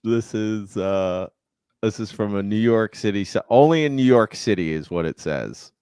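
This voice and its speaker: A man co-hosting a live-stream chat show, making slow, wry comments on video clips. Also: fairly low pitch, expressive, a little mellow, clean tone, no echo, clean studio sound. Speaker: podcast co-host.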